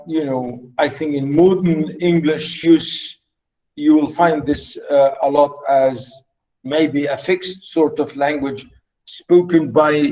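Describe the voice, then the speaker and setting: A man's voice: fairly high pitch, darkish tone, rough recording. A man teaching literature, explaining a play line by line and rephrasing his points often. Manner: repetitive, rephrasing, halting with fillers.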